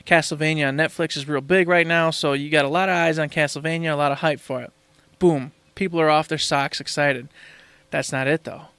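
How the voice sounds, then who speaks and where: A man co-hosting a casual gaming podcast, excitable and speculating with lots of laughs. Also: fairly high pitch, a little fast, clear, resonant tone, dry recording. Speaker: podcast co-host.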